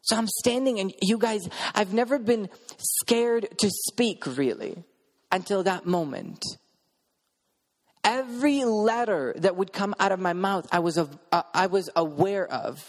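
A man's voice: sits high, measured pace, long reverb tail. A man preaching a sermon, earnestly telling a personal story in vivid present tense. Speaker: preacher sharing a testimony.

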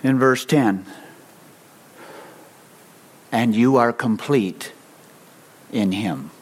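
A male pastor delivering a sermon at an unhurried, deliberate pace. He has a mid-range voice and leads his listeners through lines for them to repeat after him. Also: mid-range voice, husky. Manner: unhurried, leads the congregation in call-and-response.

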